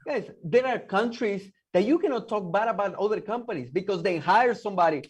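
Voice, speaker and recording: A man's voice: high-pitched, expressive, brisk, hardly any pauses, slightly rough, lo-fi sound. A man in his late thirties from El Salvador, a native Spanish speaker with a Salvadoran accent, telling his story as a podcast guest in an emphatic way, often checking in with "okay?" and restarting his sentences. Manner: emphatic, repeats "okay?" and "guys", frequent restarts. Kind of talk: personal storytelling in a podcast interview.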